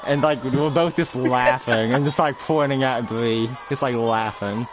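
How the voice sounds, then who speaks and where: A man's voice: mid-range voice, unhurried, background noise. A man narrating an improvised roleplay in a rambling way, full of fillers. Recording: dull lo-fi recording with music.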